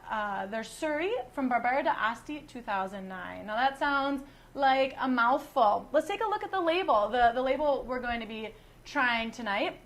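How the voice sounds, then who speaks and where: A woman from the United States teaching a casual wine class online, her voice high and bright in pitch. She talks in a chatty way and teases her audience with running jokes. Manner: chatty, joking, teasing. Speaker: wine educator and host.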